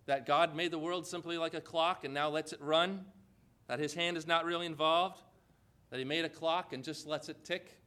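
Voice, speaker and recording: A man's voice: on the high side, a bit bright. A man preaching a sermon, reading scripture aloud and pressing his listeners with emphatic direct questions. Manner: emphatic, preacherly, with dramatic pauses. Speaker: pastor.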